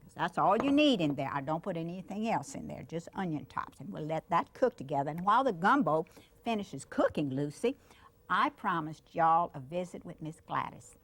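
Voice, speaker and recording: Older woman, Cajun accent, warm chatty cooking host, low voice. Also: sing-song, moderate pace. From Louisiana. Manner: chatty and affectionate, talks to the child while cooking. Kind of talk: cooking demonstration.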